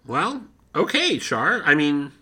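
A man's voice: fairly high pitch, huge pitch swings, takes it slowly, bright, forceful tone, husky. A man hosting a comedy podcast who trades goofy, eager in-character banter with a field reporter.

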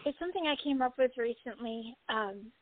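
A woman's voice: fairly high pitch, expressive, brisk, no echo. A woman guest in a casual interview, upbeat and laughing often, heard over call audio. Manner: upbeat, laughs often, acts out animals' thoughts. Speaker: guest, horse wellness practitioner. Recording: tinny phone-like call audio, dry.

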